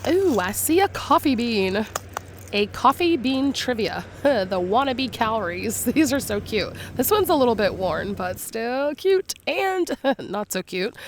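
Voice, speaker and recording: A woman with a slightly hoarse sick voice, chatting casually and laughing often as she narrates a beach walk, admiring each find. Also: fairly high pitch, a little hiss or hum. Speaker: beach vlogger. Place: outdoors on a beach.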